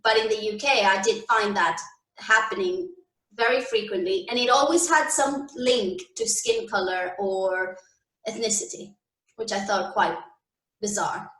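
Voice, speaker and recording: A woman's voice: medium pitch, a little slow, a bit bright, far from the mic. Thoughtful woman, echoey and off-mic. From Canada. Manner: thoughtful, hesitant, with fillers and restarts. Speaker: guest. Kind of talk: conversational interview. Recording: echoey room, a bit off-mic.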